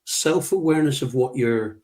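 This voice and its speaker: A man's voice: medium pitch, moderate pace, darkish tone. A middle-aged British man, a leadership trainer being interviewed, talking emphatically, repeating key words and acting out what he would say. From United Kingdom. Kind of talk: conversational interview, anecdotal.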